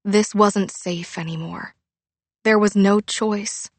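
A woman reading a novel aloud as narrator, in a quiet, measured way. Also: mid-range voice, steady tone, no room sound. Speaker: audiobook narrator. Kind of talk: scripted narration.

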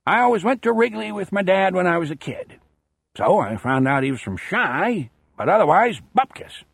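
A man reading aloud, voicing a cynical, gruff man who rasps out blunt, sarcastic replies in an audiobook. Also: high voice, sing-song, normal speed, no echo, voice pushed up, full character voice. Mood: sardonic. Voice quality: raspy. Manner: sarcastic, salty talk.

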